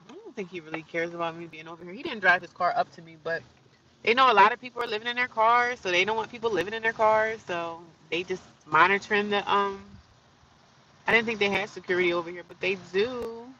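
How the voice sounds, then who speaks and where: Bright-voiced woman livestreaming from her car. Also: mid-range voice, quick pace, recorded from a distance, lo-fi sound, slight background noise. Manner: chatty, rambling, talks to viewers. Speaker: livestreaming vlogger. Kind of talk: casual livestream chat. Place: inside a parked or slowly driving car.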